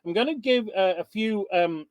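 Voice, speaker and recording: A man's voice: high voice, moderate pace, no room sound. A man hosting an online webinar over a video call, chatty and informal as he greets attendees. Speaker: webinar host.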